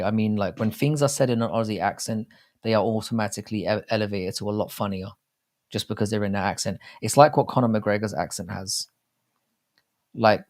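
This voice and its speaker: Profane, rambling British man, low voice. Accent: British English. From Britain. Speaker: live stream co-host. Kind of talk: casual live chat.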